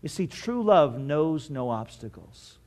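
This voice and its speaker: A man with a high voice preaching a casual, animated sermon. He reads scripture aloud and slips into little acted-out lines for the people in the story, swinging between loud and soft. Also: takes it slowly. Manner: conversational, animated, acts out quotes, chuckles at own jokes. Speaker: pastor.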